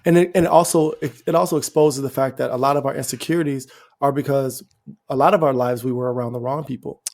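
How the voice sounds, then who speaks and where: A male podcast host in a relaxed conversation, reflective and earnest, often filling his thoughts with "you know." His voice has a strongly gravelly, fry-laden edge at a mid pitch. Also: fast talker. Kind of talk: conversational interview.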